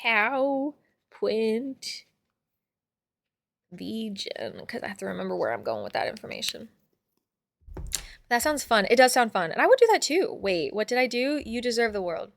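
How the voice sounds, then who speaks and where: Hosting a livestream and reading the chat, a woman whose father is from Puerto Rico talks casually with viewers in a playful, rambling way, laughing often. Her voice is fairly high and gravelly, very animated, at a moderate pace with frequent pauses.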